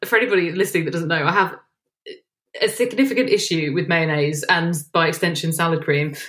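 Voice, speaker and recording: Woman co-host, animated, laughs easily, slightly low voice. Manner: animated, quick to laugh, many fillers. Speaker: podcast co-host. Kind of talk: casual chat.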